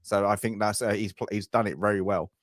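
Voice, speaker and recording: A man co-hosting a casual film podcast over a video call, rambling and halting as he restarts his phrases. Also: on the low side, flat delivery, dry recording, studio quality.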